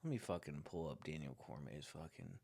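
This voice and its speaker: A man's voice: a bass voice, very animated, fairly quick, creaky, darkish tone. Profane, heated young man ranting about fighters. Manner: heated, profane, rambling, gets worked up. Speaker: podcast host. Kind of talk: casual sports rant.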